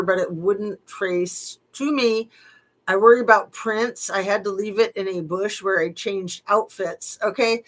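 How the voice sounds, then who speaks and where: A middle-aged woman who comments on true crime reads text messages aloud at an unhurried pace, reacting casually with wry, skeptical asides and plenty of fillers. Her voice is medium-pitched and fairly bright, captured on a low-quality recording.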